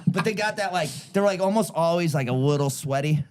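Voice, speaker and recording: A man with a somewhat high voice riffs loosely, leaning on "like" as he builds a bit. It is casual podcast chat, with a faint hiss in the background. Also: a little fast. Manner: loose, riffing, heavy on "like".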